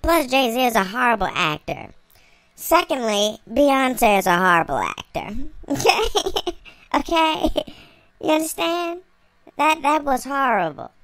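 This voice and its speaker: A woman's voice: sits high, sing-song, a little slow, a bit bright, no room sound. A young woman vlogger delivering a sassy, profane, mocking reaction rant, laughing between lines.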